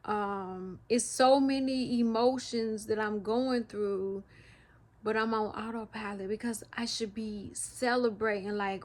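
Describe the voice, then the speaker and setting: A woman talking through her feelings in a personal vlog, halting and emotional, often restarting her sentences and speaking of her faith. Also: on the high side, steady tone. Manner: faith-filled, speaks of God. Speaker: vlogger.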